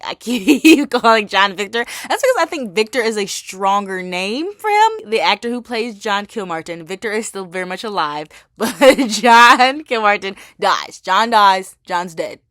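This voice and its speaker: A woman's voice: medium pitch, fairly bright tone, dry recording, studio quality. A young woman giving a casual voice-over aside, chatty and apologetic, laughing as she explains. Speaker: vlogger.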